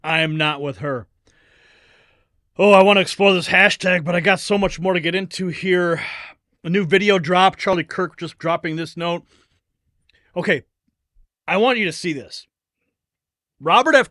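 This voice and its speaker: A man hosts a live political stream, reacting fervently and emotionally to the clips he plays. His voice is bright and forceful, and it sits a touch above the usual male pitch. The sound is close and dry. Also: moderate pace, long pauses, no echo. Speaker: political news host.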